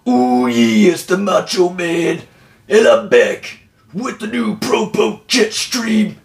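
A man's voice: high-pitched, slow pace, voice pushed up, heavily acted. A man putting on a boastful wrestling-star impression, growling catchphrases in a hammy drawl. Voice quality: gravelly, growling. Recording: roomy echo, distant from mic.

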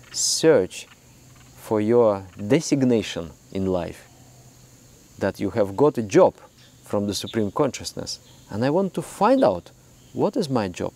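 Low gravelly man giving a spiritual talk. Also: sing-song, mellow. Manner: earnest and reflective, with pauses and restarts. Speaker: spiritual teacher. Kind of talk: meditation talk.

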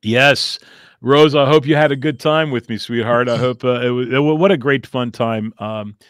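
A man's voice: medium pitch, normal speed, clean tone, no echo, clean studio sound. A man hosting a comedy podcast, chatting in a rambling, jokey way with lots of fillers and restarts. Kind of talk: casual comedic chat. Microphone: remote call line.

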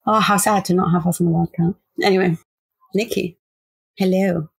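A woman co-hosting a podcast who tells an anecdote in a chatty, animated way. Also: on the low side, normal speed, gravelly, husky. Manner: animated, chatty, laughing storyteller. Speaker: podcast co-host. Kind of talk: casual storytelling chat.

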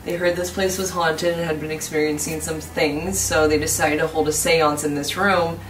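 A woman's voice: low-pitched, moderate pace, a little hiss or hum. Woman ghost-hunting in an echoey room. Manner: excited, storytelling. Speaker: paranormal vlogger. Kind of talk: casual ghost-hunting chat. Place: inside an old historic house at night. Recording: roomy sound from a distance.

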